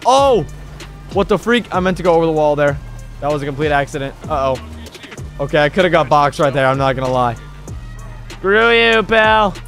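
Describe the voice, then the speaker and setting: A man's voice: fairly high pitch, moderate pace, long pauses, soft background music. A young man giving live commentary on a driving game, cheekily taunting the police chasing him and yelping at every jump and crash. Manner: excitable, bursts into yelps on jumps and crashes; cheeky taunts at pursuing cops. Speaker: gaming YouTuber and server owner.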